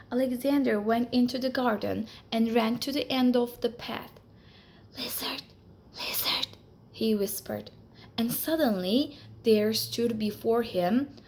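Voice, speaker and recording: A woman reads a children's picture book aloud in a slow, expressive storytelling style, her voice a little high.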